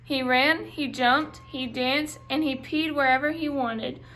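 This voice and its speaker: A young woman reading a children's book aloud, in clear, carefully paced read-aloud style. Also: sits high, steady tone, measured pace, fairly bright tone, a little hiss or hum, rough recording. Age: young adult. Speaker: reader.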